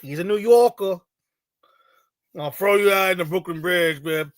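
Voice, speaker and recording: A man's voice: sits high, moderate pace, no echo, clean studio sound. A man co-hosting a stream, mocking and repeating exclamations in casual reaction commentary.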